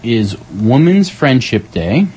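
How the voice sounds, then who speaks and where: A man's voice: mid-range voice, slow pace, husky, poor audio. A man hosting a community radio show, chatting casually and jokily as he reads out the day's events. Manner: playful, jokey, reading calendar items with lively ups and downs.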